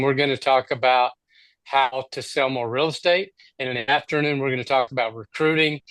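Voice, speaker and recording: A man co-hosting a training webinar over a video call, giving a punchy, repetitive sales pitch. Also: a bit bright, dry recording, poor audio.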